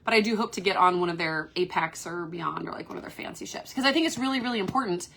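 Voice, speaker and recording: Sex: woman. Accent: Kentucky. Style: chatty live-stream cruise host, bright voice. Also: on the low side, quick pace, creaky. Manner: chatty, upbeat, reads viewer comments aloud. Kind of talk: casual live-stream chat. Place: cruise ship cabin.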